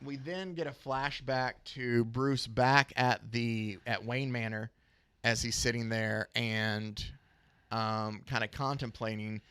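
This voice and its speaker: A man's voice: medium pitch, steady tone, slow pace, a bit bright, clean tone, dry recording. Casual man recapping a comic. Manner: retells scenes, acting out characters' lines. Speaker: podcast co-host.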